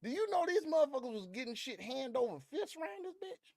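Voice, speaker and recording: Lively high-voiced joking man. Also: fast talker, creaky, no room sound, clean studio sound. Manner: loud, joking, heavy slang and cursing. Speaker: stream co-host. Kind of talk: casual profane commentary.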